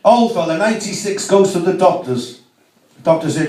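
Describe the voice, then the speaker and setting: A man's voice: high voice, lively intonation, moderate pace, mellow. A man doing a cheeky, chatty stand-up set at a comedy club, with asides to the crowd. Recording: echoey room, mic from far off.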